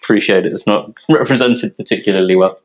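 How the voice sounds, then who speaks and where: A man from a yeast company presenting technical details in a relaxed, explanatory way, with frequent ums. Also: fairly low pitch, brisk, low-quality recording. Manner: explanatory, filler-heavy, relaxed.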